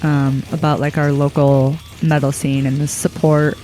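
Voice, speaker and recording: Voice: mid-range voice, little pitch movement, moderate pace, warm tone, a little hiss or hum, low-quality recording. A podcast co-host speaking thoughtfully and hesitantly in casual chat.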